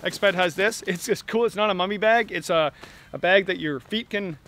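A middle-aged Canadian man reviewing camping gear outdoors at a campsite, making jokey deadpan asides between many fillers. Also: sits high, moderate pace, a little hiss or hum. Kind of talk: joking gear review vlog.

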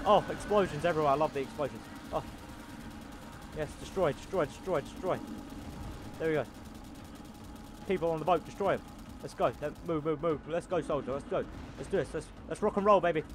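A man commenting on a war game he plays, loud and goofy, repeating battle cries. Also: on the high side, brisk, pauses often. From not American. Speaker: gameplay commentator. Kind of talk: casual gameplay commentary. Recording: noisy with game gunfire behind. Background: game gunfire and engine noise.

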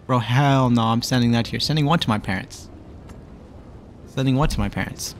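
A man's voice: medium pitch, moderate pace, long pauses, a little hiss or hum. A man streaming live, chatting casually and teasing back and forth with his viewers. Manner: bantering with chat, teasing and exasperated.

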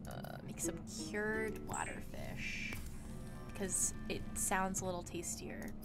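A woman's voice: on the low side, huge pitch swings, slow, creaky, over loud music. A young woman streaming a game, chatting casually, reading chat aloud and poking fun at herself. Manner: chatty, self-deprecating, reads chat aloud.

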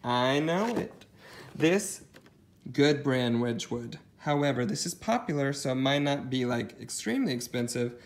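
A man's voice: medium pitch, animated, unhurried. A man casually chatting as he shows off a thrift haul, rambling with lots of ums and side comments. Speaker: thrift reseller showing a haul. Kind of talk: casual haul vlog chat.

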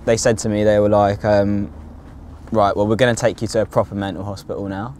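A young man gives frank documentary testimony about his own psychosis, speaking casually with heavy fillers and cursing. His lowish, darkish voice is flat and brisk, and faint music plays behind him.

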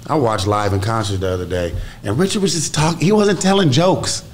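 A man's voice: medium pitch, a little fast, a little hiss or hum. A man, an actor guest, chatting loosely in an interview and laughing as he talks. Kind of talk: casual interview chat.

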